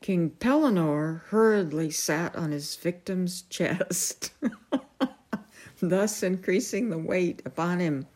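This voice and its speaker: A woman reading a novel aloud as a storyteller, measured and unhurried. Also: lowish voice, a little mellow.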